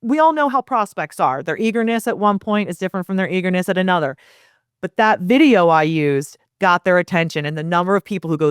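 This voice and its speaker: A woman who founded a property management company talks energetically as a podcast guest in a casual interview, acting out example messages and quoted lines as she explains. Her lowish voice is fast, clear and resonant, with studio quality and no room sound.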